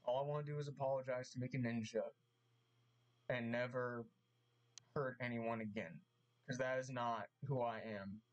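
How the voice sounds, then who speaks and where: Man, vlogger, halting earnest apology, mid pitch. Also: steady tone, highs cut off. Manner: halting, repeats himself, earnest and emotional. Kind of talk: apology vlog. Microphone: mask on, camera vlog.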